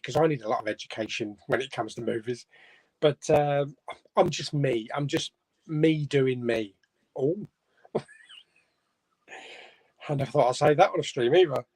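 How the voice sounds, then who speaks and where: A man's voice: mid-range voice, a little mellow, no room sound. Chatty man hosting a live stream. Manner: chatty, chuckling, reads comments aloud. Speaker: host of a live chat stream. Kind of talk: casual live-stream chat reading viewer comments. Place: home room.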